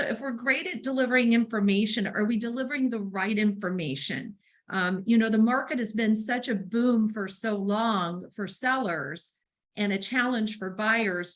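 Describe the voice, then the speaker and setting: A woman's voice: on the high side, normal speed, low-quality recording. A woman leading a real estate training session, telling a story and acting out both sides of a conversation. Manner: storytelling, acts out dialogue; conversational, uses fillers like um and right. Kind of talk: training seminar talk.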